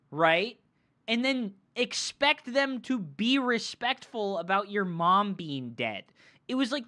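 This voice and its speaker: Man ranting with a bright, forceful voice. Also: high voice. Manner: profane, heated, animated storytelling; fillers like "like" and "right?". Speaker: game streamer. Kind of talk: ranting storytime chat.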